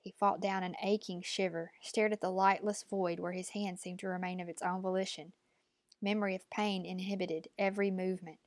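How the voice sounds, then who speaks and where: A woman narrating an audiobook in a measured, tense storytelling manner. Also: on the low side, level tone, no echo.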